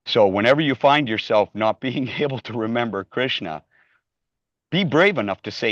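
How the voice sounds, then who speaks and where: A man's voice: medium pitch, expressive, normal speed, fairly bright tone, no room sound, muffled recording. A man casually sharing a personal story on a video call, rambling with restarts and acting out quoted speech. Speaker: class participant sharing a story.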